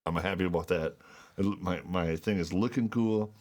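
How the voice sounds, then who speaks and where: A man's voice: low voice, normal speed, darkish tone. A man co-hosting a casual gaming podcast, joking around and slipping into silly voices. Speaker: podcast co-host. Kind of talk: casual chat.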